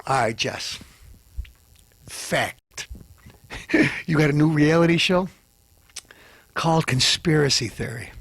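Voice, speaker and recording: A man hosting a comedy show, ranting and hurling insults, swinging between loud outbursts and low mutters. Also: slow pace, gravelly, pauses often, husky, no room sound. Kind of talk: ranting comic commentary.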